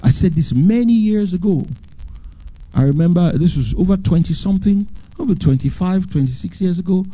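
Man preaching, lively swooping pitch, mellow dark tone, slightly husky, dull lo-fi sound. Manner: animated preaching, swings from high emphatic lines to low drawn-out ones. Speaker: pastor. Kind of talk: sermon.

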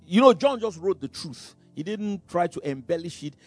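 A man preaching a sermon. He is dramatic, bursts out loudly, chuckles between phrases, and stumbles over repeated words. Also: high-pitched, animated, normal speed, slightly rough, no room sound, faint music behind.

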